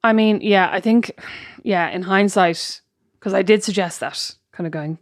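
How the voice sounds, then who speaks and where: A woman co-hosting a podcast, talking in a quick, blunt, teasing way in casual chat. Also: mid-range voice, dry recording, studio quality. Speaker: podcast co-host.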